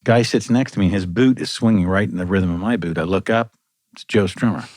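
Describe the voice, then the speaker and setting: A man in his sixties, a musician, telling a lively anecdote on a podcast and chuckling between lines. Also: deep voice, a little fast, no room sound, clean studio sound. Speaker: musician guest.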